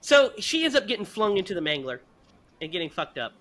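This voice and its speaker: A man hosting a podcast who retells a movie in a casual, animated, profane way and laughs often. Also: sits high, a little fast. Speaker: podcast host. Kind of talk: casual movie review chat.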